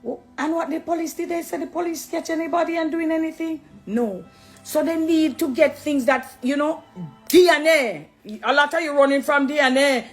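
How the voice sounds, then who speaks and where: A woman's voice: high voice, normal speed, faint music behind. A middle-aged Jamaican woman talking straight to her viewers, preachy and affectionate, slipping between English and patois. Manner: warm, preachy, switching into patois. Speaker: dancehall artist turned Christian. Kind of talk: direct address live video.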